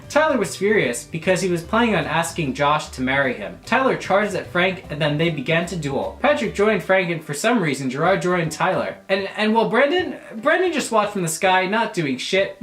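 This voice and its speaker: A young man and YouTuber reading aloud for laughs, animated and crude, breaking off for mock-offended jokes. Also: on the high side, echoey room. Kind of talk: comedic reading aloud with asides.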